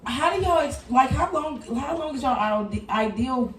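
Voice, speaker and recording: A woman's voice: high-pitched, expressive, normal speed, far from the mic, slight background noise. A young woman on a discussion panel, blunt and slangy, laughing as she talks. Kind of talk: casual panel debate. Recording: echoey room, mic from afar.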